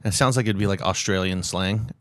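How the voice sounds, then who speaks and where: A man's voice: low voice, fairly quick, fairly bright tone, dry recording. A man co-hosting a podcast in casual chat, throwing in dry, teasing one-liners. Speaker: podcast co-host.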